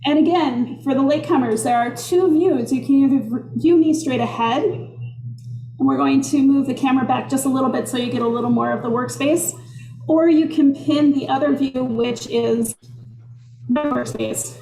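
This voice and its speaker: A woman's voice: high-pitched, moderate pace, mellow, echoey room, faint music behind. A woman with a Minnesota accent teaching a live online cooking class from her kitchen, chatty and upbeat as she greets viewers. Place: kitchen workspace.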